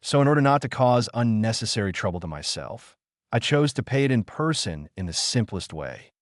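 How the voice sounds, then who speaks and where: A man's voice: medium pitch, brisk, no room sound, studio quality, close to an everyday voice. Cool-headed female moneylender, read by a man. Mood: calm. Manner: calm, matter-of-fact. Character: calm, shrewd young female moneylender.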